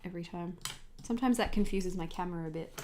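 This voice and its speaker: A woman's voice: fairly low pitch, fast, darkish tone, a little hiss or hum. A woman in her thirties chatting casually and rambling at her home desk while she sets up her journal on a livestream. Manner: chatty, rambling, easily sidetracked. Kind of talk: casual chat while crafting.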